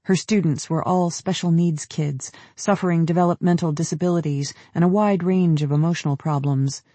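A man narrating an audiobook in a measured, descriptive storytelling manner. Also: on the high side, fairly even intonation, warm tone, no echo. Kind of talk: scripted narration.

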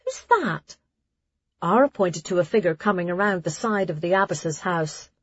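A woman narrating an audiobook in a steady storytelling reading. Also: on the low side, fairly quick, slightly rough, no room sound. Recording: dry, slightly dull lo-fi sound.

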